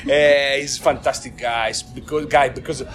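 An Italian man, a team manager, speaking in halting, broken English with many restarts and frequent laughs in a post-race interview. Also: mid-range voice, steady tone, loud music behind the voice.

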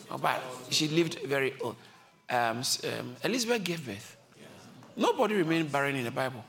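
Impassioned preacher man, soaring pitch. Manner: impassioned, repeats phrases, builds to high shouts. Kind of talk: sermon. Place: church service. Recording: live congregation audible.

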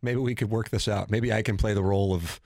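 A lowish-voiced man with a St. Louis accent hosts a casual sports radio show. He reads listener texts and tells stories with animated, teasing banter. The studio sound is close and dry. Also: fast, gravelly, dry recording. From St. Louis area. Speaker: radio host.

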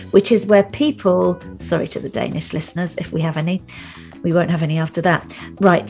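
Woman host wrapping up her podcast, bit low pitched, jokey asides, faint music under her. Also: a little mellow. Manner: chatty, self-deprecating asides. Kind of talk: scripted podcast outro.

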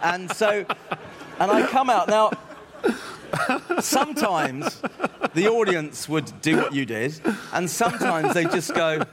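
A man's voice: high voice, big pitch swings, takes it slowly, long pauses, background noise. A man, a comedian telling rambling, self-deprecating stories as an interview guest. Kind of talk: anecdotal interview chat.

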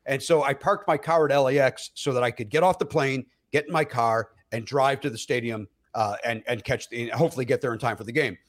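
A man, a comedian, telling stories in a casual podcast chat, with loud acted-out quotes, many fillers and restarts, and frequent laughter. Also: medium pitch, brisk, few pauses. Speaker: comedian guest.

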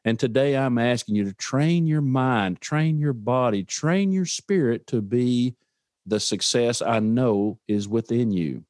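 Slow, earnest motivational man. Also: medium pitch, animated, darkish tone, no echo, studio quality. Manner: earnest and emphatic, repeating key words. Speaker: motivational speaker. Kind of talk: motivational talk.

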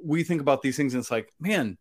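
A man's voice: mid-range voice, quick pace. A man co-hosting a casual sports podcast, chatty and self-deprecating, often laughing at himself. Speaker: podcast co-host.

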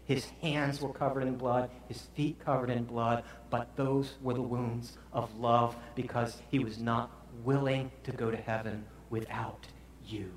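A man preaching a sermon as pastor, telling a story dramatically and swinging from hushed to loud. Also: medium pitch, little pitch movement, unhurried, heavy reverb, slight background noise.

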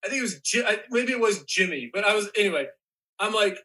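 A man's voice: high-pitched, expressive, quick pace, pushed and bright, rough recording. A man on a podcast as a guest, talking casually in a rambling way, restarting sentences and saying "like" a lot. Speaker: guest actor. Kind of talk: casual chat.

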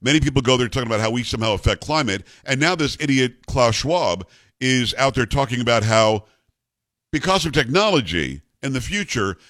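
Fast-talking, ranting talk radio host man. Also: medium pitch, animated, fairly bright tone, no echo. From South Florida, USA. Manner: emphatic, ranting, rapid-fire delivery. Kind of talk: opinionated talk radio commentary.

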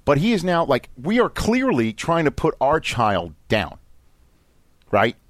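A man's voice: on the high side, a little slow, no room sound, studio quality. A man hosting a podcast and telling a story in casual chat, acting out the people in it. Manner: animated, acts out the people in his story. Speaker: podcast host. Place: lives in Los Angeles.

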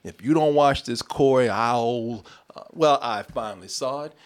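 A man hosting a casual review video, talking straight to his viewers, swearing and gushing with excitement. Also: mid-range voice, measured pace. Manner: exuberant, swears, calls out to viewers.

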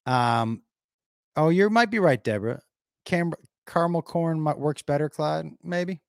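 A man's voice: a little high, a little slow, creaky, dry recording, studio quality. A man hosting a livestream in casual chat, rambling and thinking aloud to his viewers. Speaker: livestream host.

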